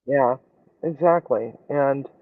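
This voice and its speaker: A man's voice: mid-range voice, takes it slowly, no room sound, phone-quality sound. A man chatting casually as a guest, hedging loosely with lots of fillers. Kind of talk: casual chat.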